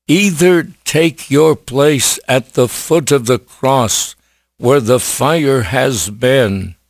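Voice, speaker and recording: A male preacher delivering an evangelistic sermon at a very slow, deliberate pace, pressing his points with rhetorical questions. His voice sits in a middle pitch, recorded close and dry with no room echo.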